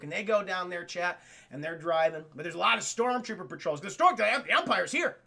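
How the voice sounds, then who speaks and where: Gravelly, high-voiced, swearing young streamer. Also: male voice, fairly quick. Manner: animated, profane, addresses chat. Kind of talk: casual livestream movie retelling.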